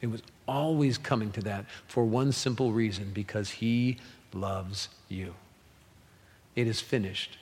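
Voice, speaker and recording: Man, middle-aged, pastor, emphatic sermon, loud then hushed, long church reverb. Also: lowish voice, steady tone, measured pace. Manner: emphatic, swings between loud pleas and hushed solemn passages.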